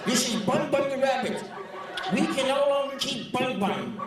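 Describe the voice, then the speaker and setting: A high, sing-song nutty mother, as a male storyteller puts her on, fussy and overly earnest. Her voice is heard from a distance and rings around a big echoey hall with an audience in it. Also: animated, normal speed, a crowd in the background. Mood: earnest pleading.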